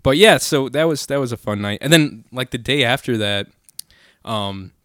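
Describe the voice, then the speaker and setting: A man's voice: medium pitch, expressive, normal speed, a bit bright, no room sound, clean studio sound. A man in his twenties telling rambling, profane stories in casual conversation as a podcast host. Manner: loose, profane, rambling storyteller. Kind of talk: casual storytelling chat.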